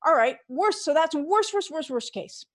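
A woman's voice: high-pitched, lively intonation, moderate pace. A middle-aged woman, a financial advisor, patiently walking through numbers step by step in an interview. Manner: walks through figures step by step, emphatic. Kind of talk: explanatory interview answer.

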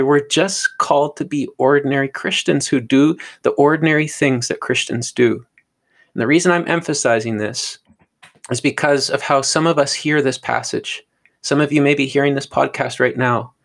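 A man's voice: on the high side, moderate pace. A man teaching on a podcast in an earnest, sermon-like way, often stumbling and repeating words. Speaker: podcast co-host teaching on scripture.

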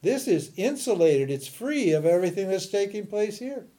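In a relaxed lecture, a man teaching spirituality speaks in a high-pitched voice at normal speed. He's lively and talkative, laughs a lot, and frequently starts sentences over.

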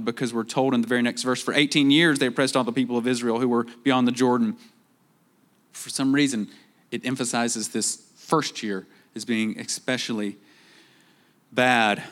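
Guy preaching, lively, does little voices for quotes then goes quiet and slow for the big points. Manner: animated, acts out quoted voices with rising pitch; drops to quiet, slow emphasis on key points. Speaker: pastor. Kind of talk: sermon.

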